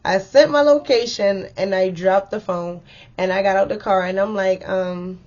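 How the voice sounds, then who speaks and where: A young woman chatting through a storytime vlog, animated and full of fillers, on a dull lo-fi recording. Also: mid-range voice, moderate pace. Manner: chatty and animated, filler-heavy, lively retelling.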